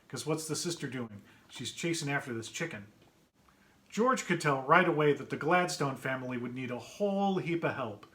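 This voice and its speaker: A man reading his own picture book aloud to children, chatty and gentle, pausing to point out pictures and ask questions. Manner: puts on brighter higher voices for characters' quoted lines. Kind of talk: read-aloud story time for children.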